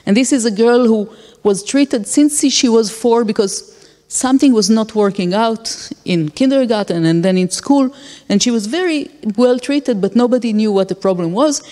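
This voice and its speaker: A woman lectures in a mellow, dark-toned voice, working through examples and stopping on fillers. Her voice carries a long reverb, as in a large lecture hall. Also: fairly high pitch, moderate pace. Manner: explains with acted-out examples and frequent fillers. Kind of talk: academic lecture.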